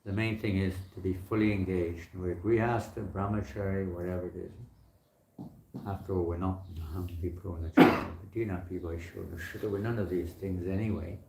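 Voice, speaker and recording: A man's voice: low-pitched, fairly even intonation, fairly quick, vocal fry, background noise. A man giving a chatty, anecdote-filled talk at a temple, telling stories in an easygoing way. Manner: anecdotal, chatty, acts out quoted people. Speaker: temple speaker. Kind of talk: informal spiritual talk. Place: temple hall. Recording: echoey temple hall.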